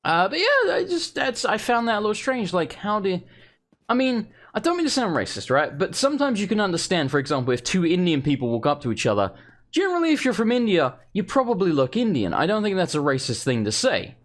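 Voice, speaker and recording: A man's voice: high-pitched, sing-song, a little fast. A young man doing casual gameplay commentary, rambling and exasperated as he talks to himself. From England. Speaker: let's play host.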